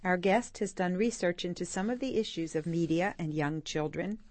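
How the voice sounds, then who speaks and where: A woman co-hosting a talk show, reading a guest introduction in a measured, formal manner. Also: fairly low pitch, steady tone, a little mellow. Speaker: radio show co-host. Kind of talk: scripted introduction.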